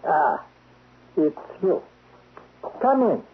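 A man's voice: fairly high pitch, huge pitch swings, drawn-out words, slight background noise, full character voice. A man playing a stern, sarcastic male spy chief in a 1970s radio drama. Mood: icy. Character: cold menacing male foreign spy chief. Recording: lo-fi narrow-band radio recording.

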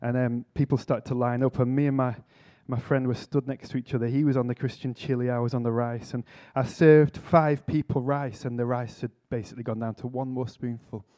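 A man's voice: medium pitch, level tone, a little fast, hardly any pauses, dark tone. A man giving a conference sermon, telling a story earnestly with self-mocking humour. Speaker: speaker at a church conference. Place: conference hall talk.

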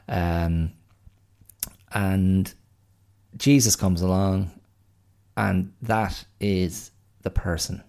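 Man, podcast host, low gravelly voice, casual rambling solo chat. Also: a little mellow. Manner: rambling, musing, thinks aloud.

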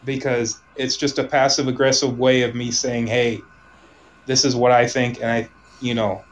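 Man, casual storytelling, rambling, restarts sentences, trails off softly. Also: medium pitch, little pitch movement, normal speed, poor audio. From Omaha.

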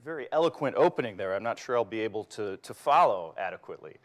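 A man, a senior fellow, introducing the topic at a policy event in a relaxed, slightly halting way. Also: lowish voice. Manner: relaxed, a little halting, with fillers.

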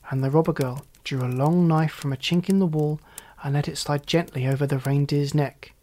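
Steady storybook narrator, mid-pitched voice. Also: moderate pace. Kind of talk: storybook reading.

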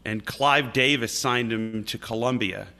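A man's voice: mid-range voice, measured pace, creaky, sharp tone. A man from upstate New York, a guest musician chatting in an interview and telling anecdotes with frequent restarts. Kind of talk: casual interview chat.

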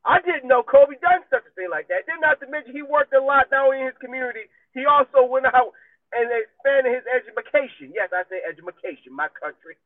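A man's voice: very high-pitched, animated, fairly quick, no echo. A man hosting a podcast alone, ranting emphatically and profanely with a country twang. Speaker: podcast host. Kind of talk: heated solo commentary. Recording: dry, tinny phone-like audio.

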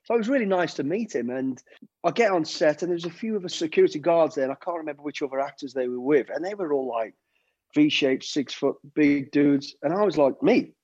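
A man's voice: on the high side, a little fast, darkish tone, no room sound. A middle-aged man, a former soldier and bodyguard, telling rambling stories in casual chat, with plenty of restarts and acted-out quotes. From United Kingdom. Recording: dull, dry sound.

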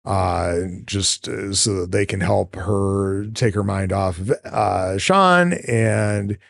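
A man's voice: sits low, slow pace, vocal fry, fairly bright tone, no room sound, studio quality. A man hosting a podcast, rambling through a casual film recap with many fillers and the odd swear word. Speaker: podcast host.

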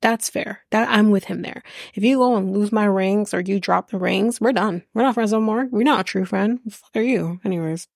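A woman's voice: medium pitch, moderate pace, vocal fry, a little mellow, dry recording. Woman, podcast host, casual TV recap, sarcastic, blunt, swearing, dry sound.

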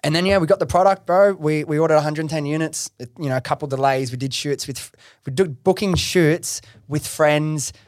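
A young man, a podcast host taking the guest seat, tells his business story in a lively, slangy way with frequent swearing and fillers. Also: on the high side, normal speed, no room sound, studio quality. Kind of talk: casual interview storytelling.

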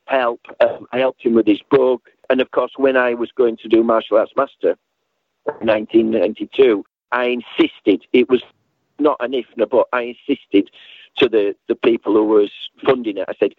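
A man's voice: medium pitch, normal speed, breathy edge, no echo. Man on a tinny phone line. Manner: animated storyteller, acts out voices, frequent restarts. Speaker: guest recalling a late friend. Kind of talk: rambling spoken reminiscence.

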